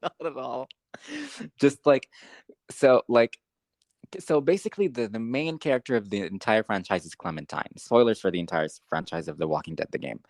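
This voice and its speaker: A young man co-hosting a podcast, talking casually with lots of fillers, rambling and getting excited. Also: lowish voice, moderate pace, dry recording. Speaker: podcast co-host. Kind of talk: casual chat.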